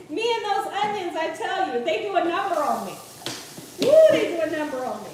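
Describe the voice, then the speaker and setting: A high-pitched young woman hosts a live cooking stream, chatty and quick to laugh, tagging "okay?" onto her steps. She sounds far from the mic, in a very echoey home kitchen with faint cooking noise behind her. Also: animated. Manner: chatty, laughs often, says okay a lot. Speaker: cooking channel host.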